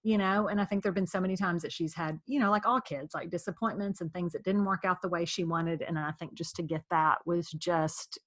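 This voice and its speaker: A woman's voice: on the low side, a little fast, few pauses. A woman hosting a podcast, telling a story in casual chat and acting out what everyone said. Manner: animated, acting out quoted dialogue. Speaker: podcast host.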